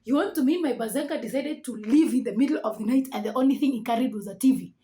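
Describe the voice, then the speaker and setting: A woman with a Kenyan accent tells a personal story to camera, lively and acting out the dialogue. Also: fairly high pitch, quick pace. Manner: animated, acts out the dialogue. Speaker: vlogger.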